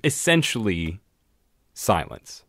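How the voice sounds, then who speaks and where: Man, very low voice, dry sound, relaxed joking podcast co-host, casual chat. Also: slow pace, no echo. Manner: laid-back, joking, hesitant with fillers.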